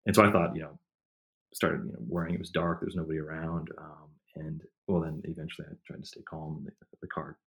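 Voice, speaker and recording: A man's voice: extremely low pitch, level tone, quick pace, gravelly. A man answering interview questions as a historian guest, rambling through stories with many fillers and restarts.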